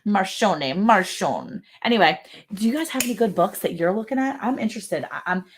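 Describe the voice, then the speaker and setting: A woman's voice: mid-range voice, expressive, quick pace, slight background noise. A woman hosting a casual ranch livestream, chatty, reading viewer comments aloud and laughing often. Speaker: livestream host. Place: ranch home.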